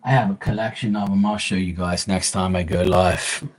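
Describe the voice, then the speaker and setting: A man's voice: deep voice, steady tone, normal speed, breathy edge, poor audio. A man hosting a live tarot stream from home, chatting casually and rambling, with some swearing.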